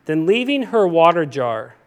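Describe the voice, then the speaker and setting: High-voiced, animated preaching man. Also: measured pace. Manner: animated, emphatic, repeats himself with "I mean". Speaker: pastor. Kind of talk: sermon.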